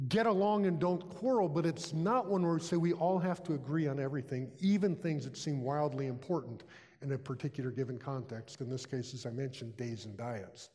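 Male chapel preacher, high voice, folksy storyteller, hall reverb. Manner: storytelling, animated with folksy asides. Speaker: chapel speaker. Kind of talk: sermon.

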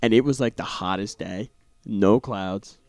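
A young man co-hosting a casual podcast, telling an animated story with lots of filler words. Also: lowish voice, measured pace, no room sound. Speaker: podcast co-host. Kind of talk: casual chat.

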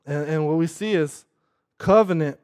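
A man's voice: fairly high pitch, normal speed, a little mellow. A man preaching a sermon who keeps asking the listeners "right?" and often repeats words as he restarts his sentences.

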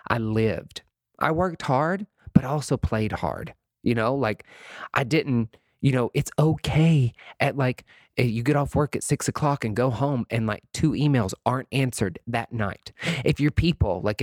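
A man in his late thirties hosting a podcast, talking in an expressive, emotional and chatty way, full of fillers and asides. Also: mid-range voice, no room sound, studio quality. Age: late 30s. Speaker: podcast host. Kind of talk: reflective solo podcast monologue.

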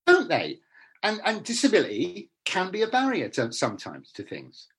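A man's voice: high voice, huge pitch swings, normal speed, fairly bright tone, husky. A middle-aged man, an actor talking bluntly and animatedly in a casual interview, often restarting his sentences.

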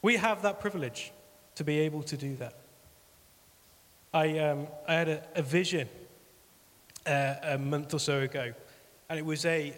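Earnest preacher in a reverberant hall. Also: male voice, on the high side, moderate pace, long pauses, fairly bright tone. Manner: earnest, repeats phrases for emphasis. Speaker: pastor. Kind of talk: sermon appeal.

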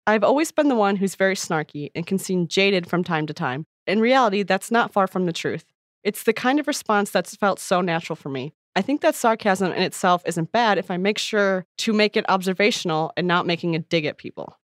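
A woman co-hosts a casual podcast and reads listener questions out loud. She laughs at her own stumbles and fills the talk with self-deprecating asides. Her voice is recorded dry and close. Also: medium pitch, animated, a little fast, no echo. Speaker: podcast co-host.

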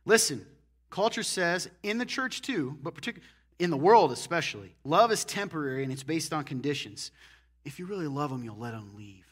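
A man preaching a sermon as pastor, animated, moving between loud emphatic lines and hushed, intense ones. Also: fairly high pitch, moderate pace, slightly rough.

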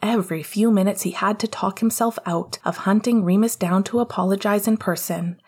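A woman narrating a fan fiction audiobook in a soft, even storytelling manner. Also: medium pitch, brisk, breathy edge.

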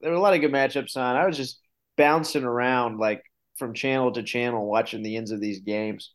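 Sports podcast guy, chatty, gets excited telling game stories. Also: mid-range voice, a little fast. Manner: animated storyteller, rises when excited. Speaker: podcast host. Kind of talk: casual sports chat.

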